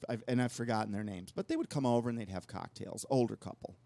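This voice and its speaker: A man's voice: mid-range voice, fast talker, vocal fry, mellow, no echo. A man co-hosting a talk show, telling long rambling anecdotes in casual conversation. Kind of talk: casual storytelling chat.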